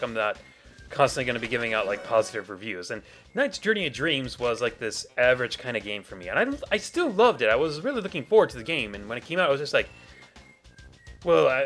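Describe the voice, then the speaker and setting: A man doing let's play commentary as a gaming YouTuber, talking in a rambling way and often correcting himself. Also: mid-range voice. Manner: rambling, animated, self-correcting.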